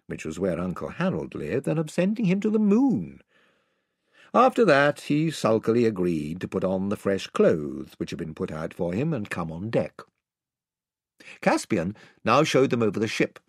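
A man narrating a children's novel in an expressive, animated storytelling manner. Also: lowish voice, slightly rough, no echo, studio quality. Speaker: audiobook narrator.

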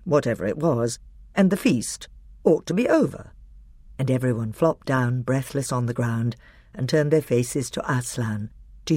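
An expressive audiobook reader tells a children's story with a very animated, wide-ranging delivery. Their pitch sits in the middle. The recording is dry and close, with no room around the voice. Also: no room sound. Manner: expressive, lively storytelling with put-on character shouts. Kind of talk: scripted storybook narration.

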